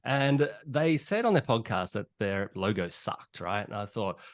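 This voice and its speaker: Easygoing man, lowish voice. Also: animated, unhurried. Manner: chatty storyteller, frequent "right?" tags, laughs often. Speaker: guest, web design agency owner. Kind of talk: casual interview chat.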